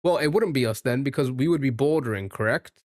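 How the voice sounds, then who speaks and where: A man's voice: medium pitch, a little fast, a little mellow, dry recording, clean studio sound. A man from the United Kingdom, streaming and chatting casually, thinking aloud while he guesses and jokes with his chat. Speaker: live streamer.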